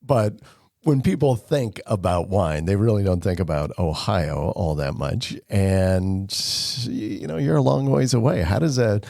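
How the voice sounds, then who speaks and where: A man hosts a relaxed interview, his low voice full of gravel and mellow in tone. He is easygoing and laughs along readily. The recording is dry with no room sound. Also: unhurried, no echo. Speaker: podcast host. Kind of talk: casual interview chat.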